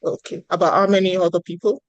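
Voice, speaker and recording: A woman's voice: fairly low pitch, little pitch movement, quick pace, dry recording, muffled recording. A woman professor hosting an online meeting, praising and encouraging students. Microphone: video call.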